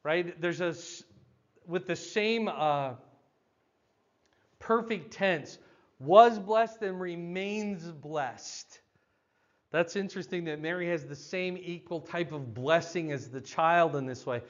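Slow, loud older male Bible teacher. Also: fairly high pitch, dull audio. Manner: loud, emphatic, explanatory.

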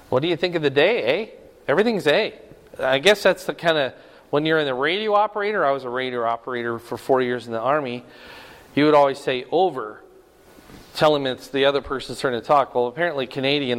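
An older man preaching a sermon in a folksy, conversational way, telling stories and asking his congregation questions. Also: medium pitch. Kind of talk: sermon with storytelling. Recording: long hall reverb.

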